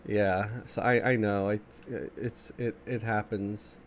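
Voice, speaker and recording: A man's voice: on the low side, fairly even intonation, takes it slowly, long pauses, a little hiss or hum. A man with a stuffy, congested morning voice, casually chatting with viewers while streaming a game and reading chat aloud. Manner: laid-back, chuckling, reads chat aloud.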